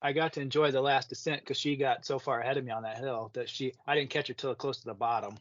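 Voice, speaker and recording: A man's voice: medium pitch, fairly even intonation, fast, dry recording. A man guesting on a podcast, telling a race story in easygoing casual chat and laughing at himself. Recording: dry, dull lo-fi sound.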